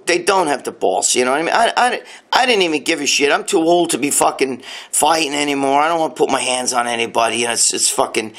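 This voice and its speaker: Streaming live from a phone or webcam, a blunt man in his late fifties swears his way through a casual rant while responding to viewers' comments. He speaks in a slightly high, somewhat bright voice.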